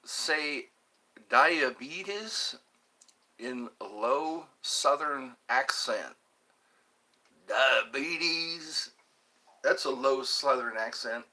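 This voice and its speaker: Older male livestream host: unhurried, husky, bright tone, reads chat aloud. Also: medium pitch. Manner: reads viewer comments aloud and plays along.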